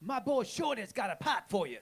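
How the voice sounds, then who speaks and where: A man voicing a laid-back legless homeless man with a New Orleans accent, in a high, drawling, unbothered voice. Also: big pitch swings, brisk, gravelly, slightly rough, heavily acted. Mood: easygoing. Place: live show before an audience.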